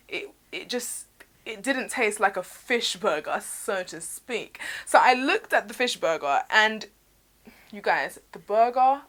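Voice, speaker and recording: A young woman with a British accent telling a story on a vlog in a chatty, animated way, acting out the people in it. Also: medium pitch. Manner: animated, chatty, acts out quotes. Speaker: vlogger.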